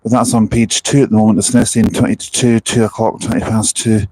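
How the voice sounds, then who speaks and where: This bus-station vlogger has a lowish, mellow voice and a flat, slightly fast delivery, captured without echo but in poor audio quality. He chats earnestly on a casual outdoor live stream via a handheld wireless mic, frequently restarting what he says.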